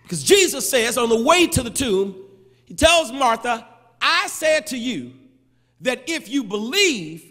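High, bright-voiced preaching man. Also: big pitch swings, normal speed. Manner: shouting, sing-song preaching cadence with humor. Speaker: pastor. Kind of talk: sermon. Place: large church sanctuary. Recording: long church reverb.

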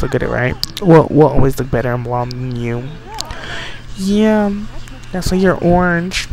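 A man giving excitable, chatty let's play commentary, bossing his game characters around. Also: on the high side. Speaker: game streamer. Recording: noisy home recording.

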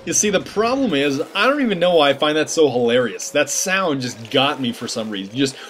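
A man's voice: medium pitch, lively intonation, brisk, a bit bright. A man giving casual gameplay commentary, joking and rambling in slang with mock-serious asides.

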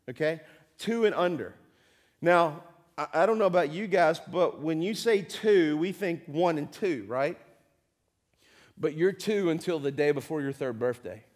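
A male pastor with a high-pitched voice delivers a sermon to his congregation in a church. His delivery is conversational, full of check-ins with the room. He acts out voices from the story as he goes. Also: normal speed. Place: church sanctuary.

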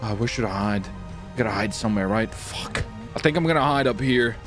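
A man's voice: lowish voice, brisk, over music. A man streaming a robbery roleplay in a game, panicky and swearing with frequent exclamations. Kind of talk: frantic gameplay roleplay.

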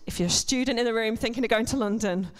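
Woman preaching in a smooth, higher voice. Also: quick pace. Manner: chatty, self-deprecating humor with asides. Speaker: church speaker. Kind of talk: conversational sermon. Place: church service before a congregation.

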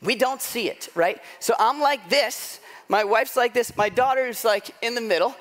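A man's voice: very high voice, normal speed, fairly bright tone. A middle-aged man preaching a sermon, telling a self-deprecating story in a loose conversational way, often asking "right?". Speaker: pastor.

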